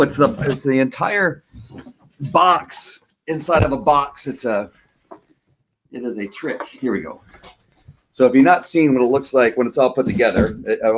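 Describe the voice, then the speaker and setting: A man's voice: medium pitch, background noise. A man in his home studio, rambling casually with many fillers while unboxing a gift on a live stream, a little out of breath.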